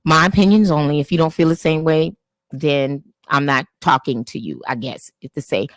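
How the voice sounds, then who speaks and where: Woman host, low-pitched, earnest and preachy, dry close sound, live-stream talk. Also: no room sound. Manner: earnest, preachy, speaks to church people directly. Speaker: podcast host. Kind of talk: casual live-stream monologue. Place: home setup, Facebook live stream.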